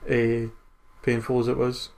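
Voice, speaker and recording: A young man co-hosting a podcast, teasing his friend and retelling stories in an animated way. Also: medium pitch, a little slow. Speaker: podcast co-host. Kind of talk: casual chat.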